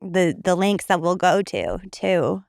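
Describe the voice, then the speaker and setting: A woman's voice: fairly low pitch, sing-song, takes it slowly, vocal fry, a little mellow, dry recording, clean studio sound. A woman guesting on a comedy podcast, trading playful jokes in casual chat. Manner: playful, joking banter.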